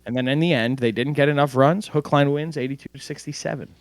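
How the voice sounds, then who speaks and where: A man co-hosting a casual sports recap over an online call, walking through the plays in a relaxed way. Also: medium pitch, fast, no echo. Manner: relaxed, play-by-play recounting with fillers. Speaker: podcast co-host.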